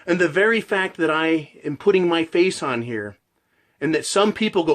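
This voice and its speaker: Guy ranting hard, loud and passionate, swears a lot, voice a bit high. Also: moderate pace. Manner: forceful, passionate, profane. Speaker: channel host. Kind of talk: ranting monologue.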